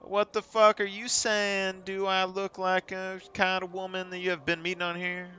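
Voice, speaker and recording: A man's voice: sits high, completely flat delivery, normal speed, bright, forceful tone, clean tone, voice pushed up. A man putting on the voice of an indignant young woman who snaps at a stranger online. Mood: outraged.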